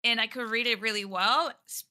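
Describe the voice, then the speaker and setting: Bright-voiced Venezuelan woman, chatty. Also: a little high, fairly even intonation, brisk. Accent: Venezuelan Spanish. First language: Spanish. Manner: chatty storyteller with frequent fillers and laughs. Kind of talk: casual chat.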